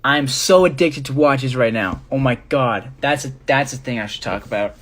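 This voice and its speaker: A man's voice: mid-range voice, moderate pace. A young man chatting casually on a live stream, rambling with many fillers as he shows his jewelry. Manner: rambling, filler-heavy, relaxed.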